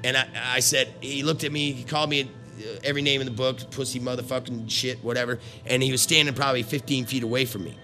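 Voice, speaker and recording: Faint music plays as a middle-aged ex-carnival worker spins a casual yarn, talking fast with few pauses in a steady, sharp, mid-range voice. He curses nonstop, speaks bluntly, and keeps rambling and starting over.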